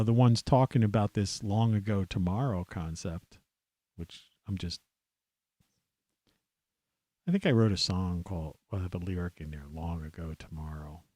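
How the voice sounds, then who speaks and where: A man's voice: fairly low pitch, warm tone, no room sound. American male podcast host, angry rambling rant, heavy swearing, dry close sound. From United States. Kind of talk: profane ranting monologue.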